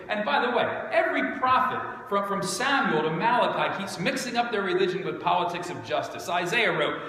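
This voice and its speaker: A man's voice: sits high, lively intonation, moderate pace, bright, forceful tone. A male pastor with a southern New Jersey accent, preaching a sermon with sarcastic, mock-outraged humor. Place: church sanctuary. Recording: echoey church hall with faint noise.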